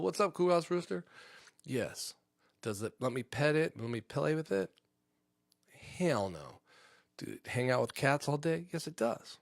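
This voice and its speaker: A man hosting a comedy podcast live stream from home, telling a rambling, profane story in a casual, animated way. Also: mid-range voice, creaky, no room sound, studio quality. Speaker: podcast host.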